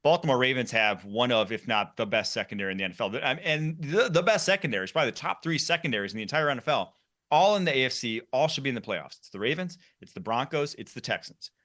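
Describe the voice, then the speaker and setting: A man hosting a football talk show, animated and quick as he runs the segments. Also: mid-range voice. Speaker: podcast host.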